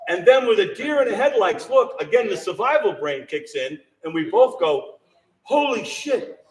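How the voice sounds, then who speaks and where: A man's voice: high voice, expressive, normal speed, recorded from a distance. A middle-aged man animatedly telling a ghost story to a small live audience, laughing and acting out the voices. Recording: roomy sound from off-mic.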